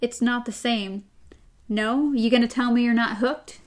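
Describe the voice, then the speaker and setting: A desperate young man pleads urgently with a friend, his words pressing and raw, as a woman reads his lines aloud. The voice sits a bit high. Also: steady tone, measured pace, natural voice. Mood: pleading.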